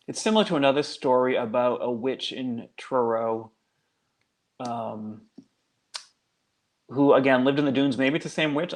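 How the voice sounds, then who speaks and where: A man's voice: medium pitch, fairly bright tone. A male guest author telling a local legend in a casual, chatty way, full of fillers. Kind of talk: casual storytelling.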